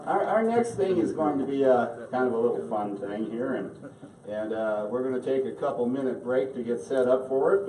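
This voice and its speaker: A man's voice: mid-range voice, mellow. A man emceeing a conference in a folksy, joking way, with many fillers. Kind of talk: casual emcee remarks. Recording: echoey hall, distant mic, crowd noise.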